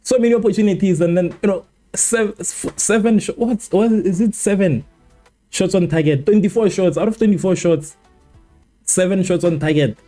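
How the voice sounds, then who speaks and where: A South African man hosts a live football watchalong stream, his voice sitting high at a moderate pace with faint music in the background. He chats casually and animatedly with viewers, repeating himself and joking with the chat as he gives relaxed match commentary.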